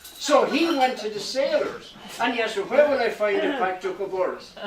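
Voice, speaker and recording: A man's voice: high-pitched, lively intonation, normal speed, background noise. A man telling a tall folk tale to a live audience in a lilting storytelling manner, giving voices to the characters he meets. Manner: lilting nonsense-tale delivery with voiced exchanges. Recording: echoey hall recorded from a distance.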